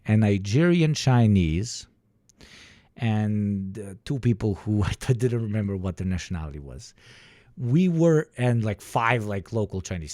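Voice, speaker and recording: A man's voice: on the low side, a little mellow, no room sound. A young man from the Balkans, livestreaming, telling a rambling, profane story to his chat. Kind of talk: casual chat with viewers.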